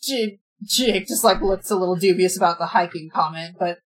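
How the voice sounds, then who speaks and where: A woman's voice: lowish voice, moderate pace, low-quality recording. A woman in casual chat as a player in a tabletop role-play game, narrating her character's actions and laughing often.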